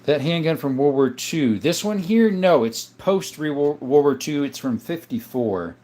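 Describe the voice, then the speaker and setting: A man hosting a live stream in a casual chat style, reading out viewer comments and answering them in a relaxed, easygoing way. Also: fairly high pitch, measured pace. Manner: relaxed, with frequent uh and um.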